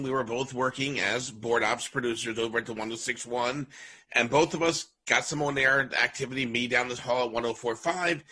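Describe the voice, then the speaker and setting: Bright-voiced male podcast host. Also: mid-range voice, husky, rough recording. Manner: measured, recaps career facts. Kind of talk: interview questions.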